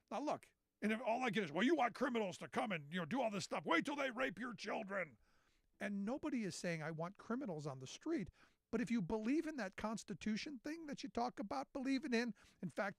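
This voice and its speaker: A man's voice: high voice, dry recording. A man hosting a talk radio show, delivering a sarcastic, indignant political monologue.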